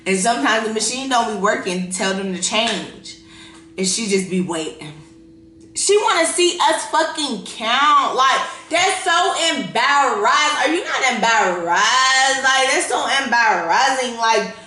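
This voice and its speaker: A woman in her thirties with a bright, sharp voice, talking off the cuff in a profane and animated way and laughing through her own stories. Her voice rings in an echoey room. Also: on the high side, a little slow. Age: 30s. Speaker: podcast host. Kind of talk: casual unfiltered monologue.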